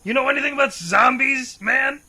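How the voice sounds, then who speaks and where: A man's voice: very high voice, normal speed, bright, forceful tone. A man playing his character in a tabletop role-play, talking in a combative, impatient way. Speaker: player.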